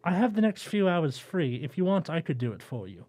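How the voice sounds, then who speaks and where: A man voicing a shy, hesitant teenage boy wizard in a fanfic reading, halting and tentative. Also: fairly high pitch, very animated, mellow, no echo, voice pushed up.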